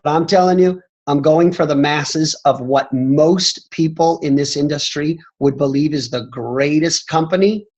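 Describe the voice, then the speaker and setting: A man's voice: fairly high pitch, a little slow, hardly any pauses, darkish tone, low-quality recording. A man answering questions as a company executive, talking emphatically and often pressing his point with "I'm telling you.". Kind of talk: motivational talk on a training call.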